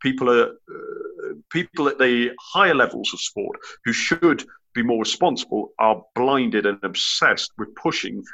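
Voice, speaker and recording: Male panelist, sharp tone with a husky edge, earnest and rambling. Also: lowish voice, muffled recording. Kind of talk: sports discussion panel.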